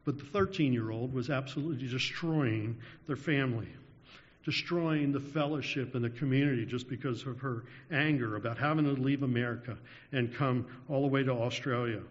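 A man of middle pitch delivers a storytelling sermon, chuckling now and then and slowing into a measured prayer. His voice hangs in a long hall echo, and the recording sounds dull and lo-fi. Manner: anecdotal, chuckles through stories, slows down in prayer. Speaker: preacher.

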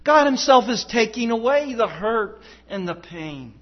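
A man preaching a sermon as pastor, emphatic and rhetorical, swinging between loud declarations and hushed passages. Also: very high voice, big pitch swings, a little slow, dull audio.

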